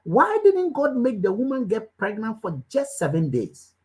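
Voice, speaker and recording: Her pitch is a little high and swoops wildly, her pace measured and her tone a little mellow, though the audio is poor. Coaching a business audience, this woman drives motivation through emphatic, endlessly repeated short commands and fires preachy questions straight at the crowd.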